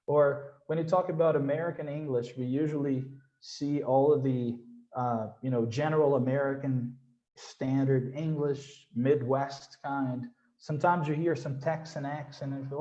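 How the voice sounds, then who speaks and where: A man, an English teacher speaking on a panel discussion, telling animated stories. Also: fairly high pitch, moderate pace, roomy sound, lo-fi sound. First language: Portuguese. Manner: animated storytelling, acts out quoted voices.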